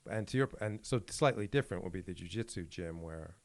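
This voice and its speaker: A man co-hosting a podcast, telling animated stories and laughing his way through them. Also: sits low, fast talker, dry recording. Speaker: podcast co-host. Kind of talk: casual podcast chat.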